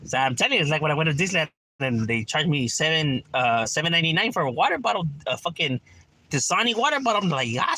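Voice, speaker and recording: A man's voice: fairly high pitch, sharp tone, breathy edge, no echo. A man, chatting casually and profanely on a livestream from home, peppering his talk with "right?". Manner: laid-back, slangy, profane, keeps asking "right?". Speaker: livestreamer reading chat.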